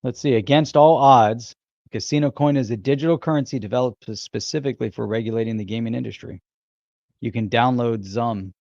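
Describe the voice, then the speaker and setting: A jokey male co-host with a gravelly voice, talking casually on a stream. The sound is dry and a bit dull, with a lo-fi quality. He chuckles through his lines and keeps the chat loose. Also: mid-range voice, brisk, a little mellow, no echo. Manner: jokey, laughs easily.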